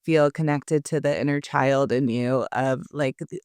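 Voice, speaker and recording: A woman therapist, a podcast guest, explaining in a reflective, warm-hearted way in casual conversation. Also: extremely low pitch, fairly even intonation, unhurried, few pauses, clear, resonant tone, dry recording, studio quality.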